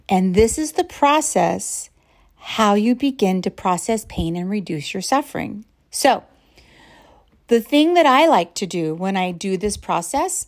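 Slow, calm woman guiding mindfulness. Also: mid-range voice. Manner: slow, calm and reflective, drops to soft whispers at times. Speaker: podcast host. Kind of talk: guided mindfulness talk.

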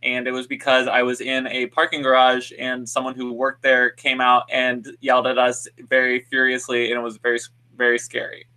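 A young man with a bright, forceful voice co-hosts a casual podcast chat. He tells long stories full of filler words and restarts, circling back on himself as he goes. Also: medium pitch, completely flat delivery, moderate pace, few pauses, clear, resonant tone. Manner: rambling storyteller with many fillers and restarts. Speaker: podcast co-host.

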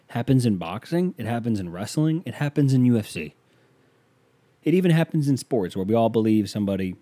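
Man, podcast host, from the US, sarcastic rambling monologue, low-pitched, dead dry sound. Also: dark tone, no echo. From United States.

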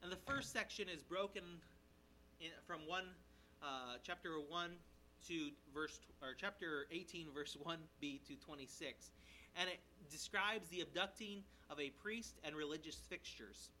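A male pastor preaching an expository sermon in a conversational, animated way, checking in with his listeners and briefly acting out the characters' lines. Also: on the high side, slight background noise, rough recording. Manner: animated, voices the characters' lines in quick asides. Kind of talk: sermon, expository Bible teaching.

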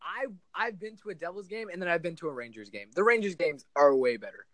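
A young man from New Jersey chatting casually as a podcast guest, telling animated stories full of acted-out quotes. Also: a little high, fast, no echo. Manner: animated, exaggerated storytelling with mock quotes. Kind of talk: casual chat.

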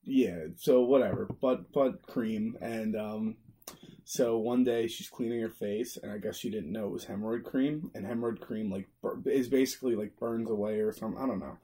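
A man's voice: fairly low pitch, fairly even intonation, normal speed, mellow, husky. A young man co-hosting a podcast, telling a story casually, laughing and swearing as he goes. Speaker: podcast co-host.

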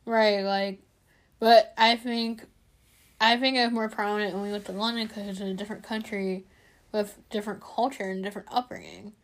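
A woman's voice: mid-range voice, fairly even intonation, moderate pace. A woman in casual chat, enthusiastic and eager to explain her views. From United States.

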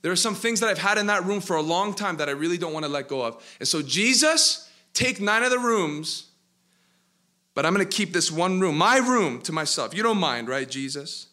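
A male preacher voicing an exhausted man who pleads with and shouts at Jesus in a parable. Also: high-pitched, lively intonation, moderate pace, voice pushed up. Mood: bargaining.

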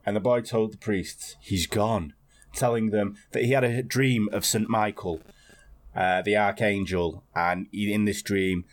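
A man's voice: on the low side, steady tone, a little slow. A man co-hosting a casual podcast chat, rambling and wry, swearing and laughing as he tells a story. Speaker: podcast co-host.

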